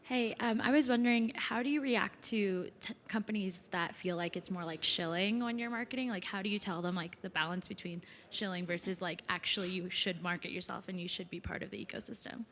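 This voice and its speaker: A woman's voice: mid-range voice, brisk, few pauses, a bit bright. A woman in the audience asking a tentative question. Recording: distant, echoey hall with faint room noise.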